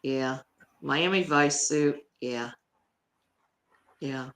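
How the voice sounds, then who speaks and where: A woman's voice: fairly low pitch, a bit bright, slight background noise. A woman telling a story in casual chat, blunt and brash and swearing freely.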